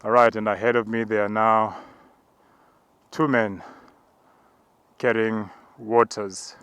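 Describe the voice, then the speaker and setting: Man, apostle, low voice, level delivery, calm measured talk, outdoor mountain walk, climbing. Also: clean tone, no room sound. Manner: calm, measured, breaks into tongues. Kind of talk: narrated spiritual walk.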